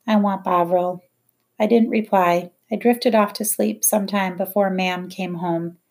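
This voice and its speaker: A woman narrating a novel in the first person, in a quiet, measured, reflective way. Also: mid-range voice, fairly even intonation. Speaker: audiobook narrator.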